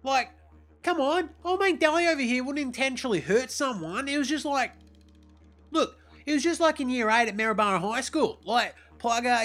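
A brash young Australian basketball player, as a man puts him on, with a strikingly high-pitched voice and an Australian accent. He rambles and swears nonstop in a defensive comedy monologue. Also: a bit bright. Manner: foul-mouthed, rambling, defensive. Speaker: comedy character.

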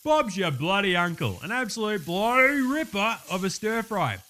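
A man putting on a loud, boorish Australian bloke who hosts a cooking show, talking with brash, crude swagger and an Australian accent. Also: high-pitched, expressive, normal speed, a little hiss or hum, pitched above the performer's own voice. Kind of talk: comedy sketch.

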